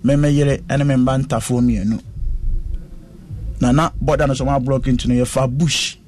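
A man recounting a personal ordeal in conversation, speaking slowly and earnestly. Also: medium pitch, steady tone, a little mellow. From West Africa. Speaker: interviewee.

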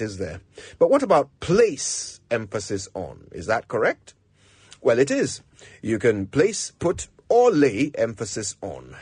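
A man's voice: mid-range voice, a little mellow, slightly rough, no echo. A man with a Ghanaian English accent presenting a short scripted language lesson with an emphatic, teacherly delivery.

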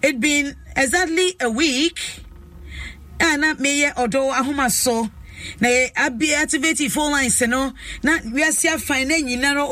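A high, bright-voiced woman with a Ghanaian accent hosts a lively talk show with effusive, drawn-out emphasis. Her voice is dry but set a little back from the mic. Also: no room sound, far from the mic. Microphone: studio microphone.

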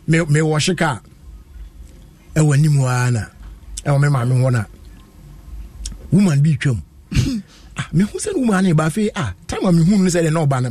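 A man tells an animated story in a casual chat, laughing as he goes. His voice sits high and a little husky. The recording is close and dry, with no room sound. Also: fairly quick, long pauses, no room sound. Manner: lively, laughs often while telling a story.

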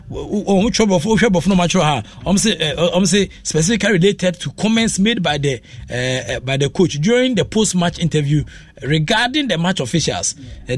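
A man's voice: a little high, a little hiss or hum. A man with a Ghanaian accent presenting a sports radio show, rambling and mixing in many fillers. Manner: rambling, switches between Twi and English with many fillers. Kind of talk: casual sports radio talk.

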